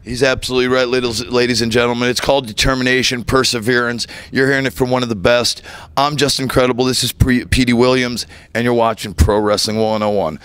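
A man's voice: mid-range voice, fast talker, clean tone, no room sound. A man hosting an interview show, speaking casually with many fillers and praising his guest. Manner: relaxed, uses fillers, warmly praises guest. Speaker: host.

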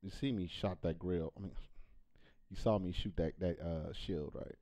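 A man's voice: low voice, normal speed, mellow. A man streaming a shooter game, giving live commentary full of playful trash-talk and taunting one-liners at his enemies.

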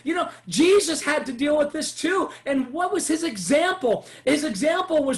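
A man's voice: extremely high pitch, animated, normal speed, hardly any pauses, fairly bright tone. A male pastor preaching a sermon with passion, acting out prayers in the first person and often raising his voice. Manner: impassioned, acts out prayers and quotes, often raises voice.

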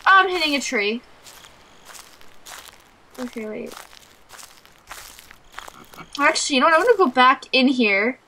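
Jumpy young woman with a high bright voice. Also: animated, unhurried, pauses often, slight background noise, poor audio. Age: young adult. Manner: jumpy, nervous, talks to herself and shrieks at scares. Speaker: let's play gamer. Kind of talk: horror game commentary.

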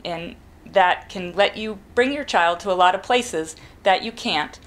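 A middle-aged woman, a parent, calmly explaining step by step how to teach a child to whisper. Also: mid-range voice, unhurried. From New England. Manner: calm, practical, demonstrates whispering. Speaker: parent giving advice. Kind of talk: instructional talk to camera.

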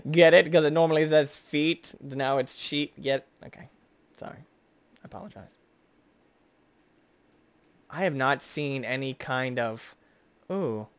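A young man giving excitable, jokey gameplay commentary as host, chatting to the creatures on screen. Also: medium pitch, unhurried, long pauses, clean tone. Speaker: gaming video host.

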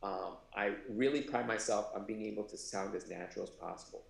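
A man's voice: brisk, vocal fry. Middle aged guy telling funny work stories on a video call, jumps his voice around for the voices, roomy echo. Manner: animated anecdote-telling, acts out voices with big pitch jumps. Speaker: sign language interpreter and producer. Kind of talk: storytelling in a live interview.

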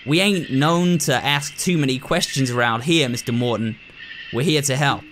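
A man voicing a gruff, bossy anteater woman doctor who talks in a drawling country way. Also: mid-range voice, normal speed, a bit bright, a little hiss or hum, natural voice, rough recording.

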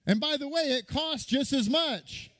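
A man, a rabbi, preaching a sermon to a congregation in an animated way, firing rhetorical questions at his listeners. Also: extremely high pitch, a little slow. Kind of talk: sermon teaching.

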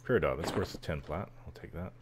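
Very deep-voiced man rambling. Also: fairly quick, background noise. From Canada. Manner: rambling, chuckles often, many fillers. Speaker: gameplay commentator. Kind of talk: casual let's-play chatter.

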